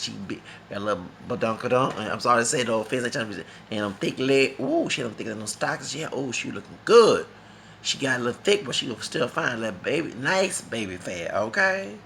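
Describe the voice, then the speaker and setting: A man's voice: fairly low pitch, gravelly, pushed and bright, slight background noise. A man from Texas, talking in a rambling, emphatic casual monologue that repeats itself and slips into Spanish phrases. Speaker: vlogger.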